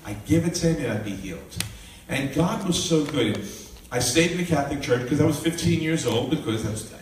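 A minister in his sixties tells his testimony as an animated storyteller, acting out dialogue and laughing often. His voice is on the high side and fairly quick. He sounds distant in an echoey room with a little hiss or hum.

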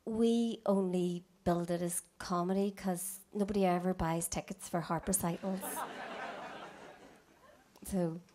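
A woman doing live musical comedy on a theatre stage, teasing the audience and swinging between loud asides and hushed whispers. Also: on the low side, steady tone, unhurried, some chatter behind. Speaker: comedic harpist. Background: harp music.

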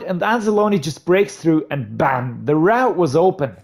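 A man giving gameplay commentary on a football video game, muttering low between plays and breaking into loud, frustrated outbursts. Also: lively intonation, unhurried, vocal fry, few pauses. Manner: frustrated, ranting and swearing at the game. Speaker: gaming YouTuber.

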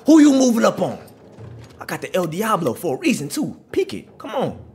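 A man's voice: high-pitched, huge pitch swings, normal speed, a little mellow, faint music behind. A man giving live, slangy reaction commentary while playing a video game, trash-talking the enemies. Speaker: gaming channel host.

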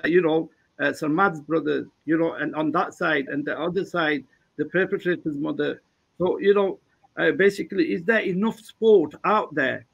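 A man hosting a panel discussion, hesitant and filler-heavy, with a gravelly, husky voice. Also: on the high side. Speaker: host, moderator. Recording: dull lo-fi call audio.

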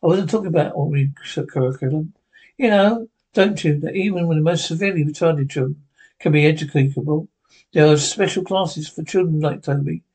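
A man's voice: on the high side, a little fast, a little mellow, slightly rough, rough recording. A man reading the part of an officious woman social worker who questions a worried couple politely but insistently. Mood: probing.

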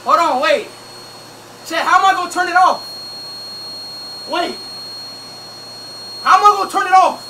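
High, bright-voiced young man panicking. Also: measured pace, long pauses, distant mic, low-quality recording. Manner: panicky, repetitive pleading and shouting. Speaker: livestreamer. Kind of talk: casual livestream chat. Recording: voice from away from the mic, faint vacuum noise.

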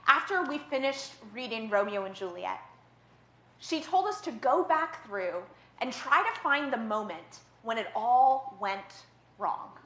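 A woman pastor preaches in a church sanctuary, her voice fairly high and strikingly bright. She reads scripture and tells stories in a conversational, storytelling manner. The room gives her voice a roomy echo. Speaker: associate pastor. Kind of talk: scripture reading and sermon.

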